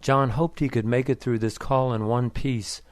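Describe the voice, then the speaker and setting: A man narrating a story for English learners in an even, plain reading manner. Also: medium pitch, normal speed, no echo.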